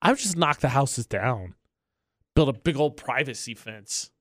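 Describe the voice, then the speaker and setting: A man's voice: medium pitch, lively intonation, a little slow, fairly bright tone, no room sound. A man in his thirties co-hosting a morning radio show, bantering in a jokey, rambling, playfully indignant way from a radio studio. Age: 30s.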